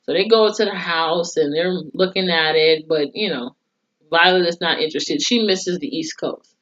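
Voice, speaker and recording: A woman's voice: fairly low pitch, moderate pace, fairly bright tone, muffled recording. A young woman casually recapping a TV episode, chatty and profane, acting out the characters' lines as she goes. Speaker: TV reviewer.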